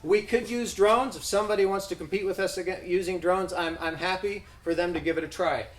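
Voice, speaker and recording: A man improvising a comic business pitch, hesitant and full of fillers, often chuckling at himself. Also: steady tone, fairly quick. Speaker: pitch presenter. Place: event room. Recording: echoey room with background noise.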